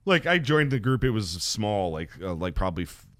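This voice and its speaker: A joking man co-hosting a podcast, with a fairly low voice. He drops quick asides and rambles through stories in a loose chat. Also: big pitch swings, fairly bright tone. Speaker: podcast co-host. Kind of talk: casual chat.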